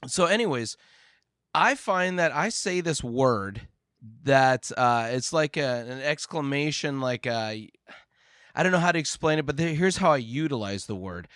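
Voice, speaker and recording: Podcast host, male, animated jokey banter, dry close mic. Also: medium pitch, normal speed, no room sound. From Minnesota. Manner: lively, laughing, jokey delivery. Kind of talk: casual chat. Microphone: podcast mic, virtual studio.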